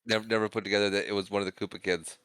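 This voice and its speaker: Smooth-voiced man co-hosting a podcast. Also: on the low side, little pitch movement, rapid-fire, fairly bright tone, no echo. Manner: laughing, self-deprecating, reads credits aloud. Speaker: podcast co-host. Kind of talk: casual chat.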